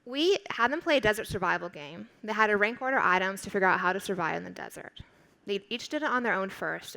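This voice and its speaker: A woman professor delivers a keynote from a conference stage, her mid-pitched voice carrying a gravelly edge of fry. She speaks in a clear, instructive and emphatic way. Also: a bit bright, poor audio.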